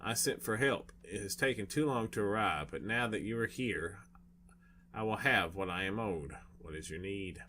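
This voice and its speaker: An ancient male dragon, furious and impatient, rumbles out his demands in a low, stern voice, as a man reads him aloud. His delivery is commanding and heavy, with a faint hiss of noise behind it. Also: moderate pace, sharp tone. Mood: stern, angry.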